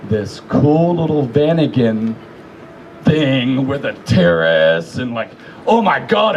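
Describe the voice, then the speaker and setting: A man with a somewhat high voice tells a story at a memorial, swearing freely and shouting out the quoted lines. His delivery is loose and animated, and there is a faint hiss in the background. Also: creaky. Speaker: hasher giving a memorial tribute. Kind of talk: casual memorial speech.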